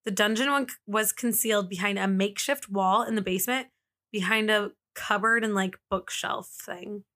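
On her podcast, a woman shares a true-crime story in a medium-pitched, pushed, bright voice, with fairly even intonation at a moderate pace. She's chatty and laughs readily, dropping "like" again and again.

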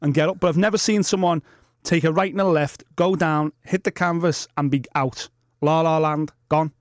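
Male co-host, slightly high voice, blunt and sweary, dry close recording. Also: fairly even intonation, normal speed, no room sound. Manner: blunt and sweary, talks in a rush. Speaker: podcast co-host. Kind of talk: casual chat.

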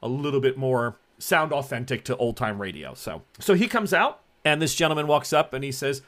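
A man's voice: mid-range voice, sing-song, fairly quick, fairly bright tone. A man narrating a tabletop role-playing game as game master, rambling through descriptions with many fillers.

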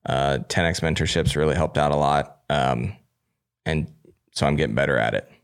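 A man with a very low voice talks as a guest on a casual podcast. He is candid and self-deprecating, and his speech is loose and full of fillers. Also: normal speed, clean tone. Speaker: guest, staging company owner.

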